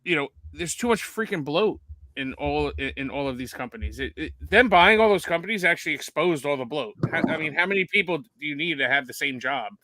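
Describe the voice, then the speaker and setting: A man's voice: a little high, expressive, fairly quick, sharp tone. A man co-hosting a podcast in casual banter, ranting and stammering as he repeats words. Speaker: podcast co-host.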